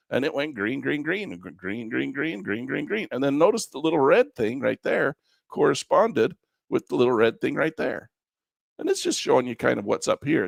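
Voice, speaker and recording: Gravelly, animated male trading instructor. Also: mid-range voice, no room sound, studio quality. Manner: folksy, repetitive coaching with chuckles. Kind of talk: live screen-share trading class.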